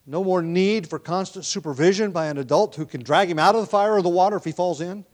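A man preaching a verse-by-verse Bible sermon in a conversational, thinking-aloud way, with frequent ums, restarts and throat clearing. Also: high-pitched, fast talker, darkish tone.

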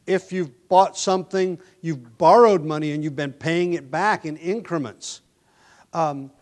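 Unhurried and a little high-pitched, this male preacher alternates between soft, hushed passages and loud, emphatic ones. He sometimes stumbles into restarts or repeated words while explaining.

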